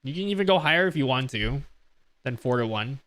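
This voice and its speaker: With a lively, fairly quick, slightly bright medium-pitched voice, a man runs a casual Q&A live stream. Close to a desk mic on an audio mixer, with no room sound, he jokes, laughs, and reads his chat out loud.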